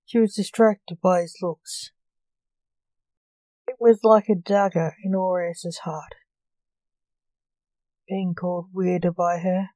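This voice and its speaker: Slow, mellow woman reading a story. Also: fairly low pitch, fairly even intonation, no echo, rough recording. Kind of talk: reading a short story aloud.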